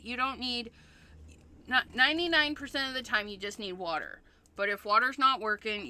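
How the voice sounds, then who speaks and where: A woman's voice: a little high, sharp tone, smooth. A woman hosting a card-making livestream in a casual demonstration, chatty and thinking aloud, often repeating herself.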